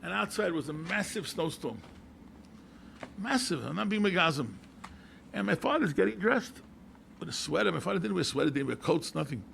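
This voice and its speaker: An older man tells family stories to a crowd. His voice sits high and gravelly, with a bright, pressing edge. He talks in an animated way and repeats his key phrases for weight. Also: moderate pace, long pauses, a little hiss or hum. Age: 70s. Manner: animated, repeats phrases, mixes in Yiddish and Hebrew words. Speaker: rabbi and yeshiva head. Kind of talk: storytelling talk to an audience.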